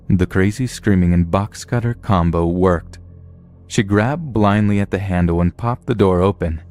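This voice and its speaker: A man with a deep, low-pitched voice reads a scripted horror story. His telling is blunt and profane, with a plain, steady delivery. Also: normal speed. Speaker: narrator.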